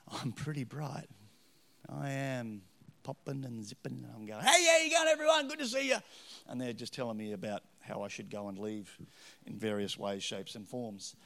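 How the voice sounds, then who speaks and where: A middle-aged man with an Australian accent preaching a story-filled sermon, swinging between loud punches and hushed asides. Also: on the low side, vocal fry. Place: church with live band. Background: faint music from a band.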